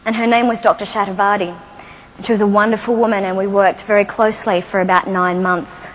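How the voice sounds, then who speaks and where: A woman's voice: medium pitch, steady tone, a little fast, low-quality recording. Woman telling her story on stage. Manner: storytelling with self-deprecating laughs, asks audience questions. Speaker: motivational speaker. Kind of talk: inspirational stage talk. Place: stage before a live audience.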